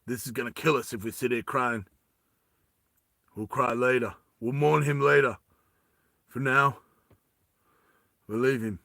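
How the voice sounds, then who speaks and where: A man doing an impression of a gruff male action star leading a squad. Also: mid-range voice, fairly even intonation, measured pace, long pauses, sharp tone, dry recording, clean studio sound, voice pushed down.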